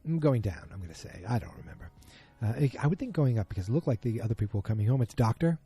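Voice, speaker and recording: A man's voice: mid-range voice, lively intonation, very fast, mellow, slightly rough. A man hosting a podcast, recapping a TV episode in a casual, rambling way, full of ums and self-corrections. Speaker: podcast host. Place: at home beside a muted streaming screen.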